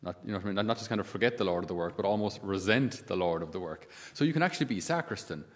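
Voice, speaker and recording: A man's voice: low voice, animated, very fast, in a large hall. A man, a priest giving a conversational sermon full of asides and rhetorical questions.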